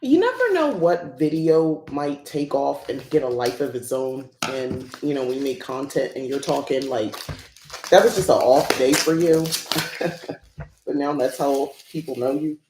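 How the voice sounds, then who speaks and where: A woman's voice: a bass voice, expressive, unhurried, reverberant, noisy background. A woman hosting a casual unboxing chat who rambles and laughs often. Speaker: host.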